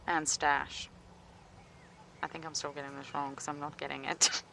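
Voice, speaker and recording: A woman's voice: sits low, little pitch movement, moderate pace, gravelly, sharp tone, a little hiss or hum. A woman safari guide giving chatty live wildlife commentary outdoors on a game drive, often laughing and dropping to a whisper near the animals.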